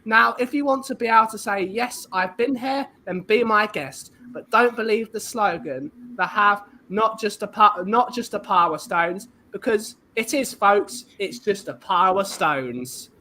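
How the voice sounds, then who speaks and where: A woman's voice: medium pitch, expressive, measured pace, few pauses, bright, forceful tone, a little hiss or hum, rough recording. A woman hosting a casual talk show who reads reviews aloud and quizzes her guests in a chatty, teasing way. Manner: chatty, teasing quiz host. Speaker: podcast host.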